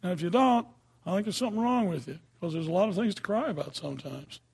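A man's voice: high-pitched, lively intonation, fast, creaky, a little mellow, husky. An older man preaching a sermon in a folksy, conversational way, often checking in with his listeners.

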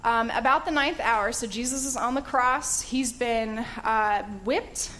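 Woman Bible study teacher, slightly high voice, casual and enthusiastic, with a faint hiss under her voice. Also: unhurried, a bit bright. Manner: chatty and enthusiastic, with frequent fillers and laughs.

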